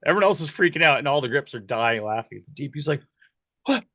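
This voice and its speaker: A man hosting an interview, telling a lively story from a film set and laughing often as he talks. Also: on the high side, fast. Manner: animated, laughs often while telling stories. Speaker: podcast host.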